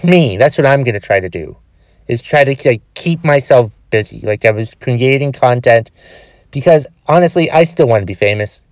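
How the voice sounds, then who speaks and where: A man's voice: medium pitch, animated, normal speed, a little mellow, dry recording. A man with a cold hosting a solo podcast, frustrated and swearing heavily as he rambles with restarts. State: has a cold with a cough. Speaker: podcast host.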